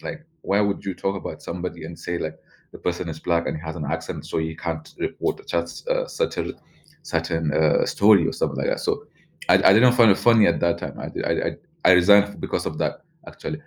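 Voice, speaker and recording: Deep-voiced Nigerian man telling his story. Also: fairly even intonation, fairly quick. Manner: loose, full of "like" and restarts. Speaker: journalist interviewee. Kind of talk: casual personal storytelling.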